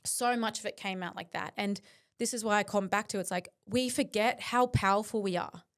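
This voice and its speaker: A woman's voice: medium pitch, a little fast. A woman, a guest on a podcast, speaking earnestly and intensely about her mindset, with frequent fillers. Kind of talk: reflective interview talk.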